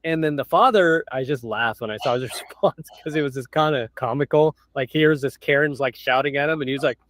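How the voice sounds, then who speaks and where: A man hosting a casual livestream, telling stories bluntly and mimicking others in high, shrill voices. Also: fairly quick, fairly bright tone, a little hiss or hum. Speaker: livestream host. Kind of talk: casual chat.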